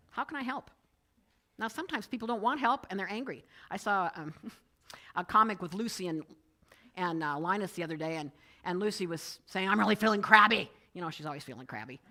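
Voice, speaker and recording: Animated woman giving a talk. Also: fairly low pitch. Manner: storytelling, animated, quoting others in changed voices. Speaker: speaker giving a Sunday message. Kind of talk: conversational sermon with personal stories. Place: church sanctuary.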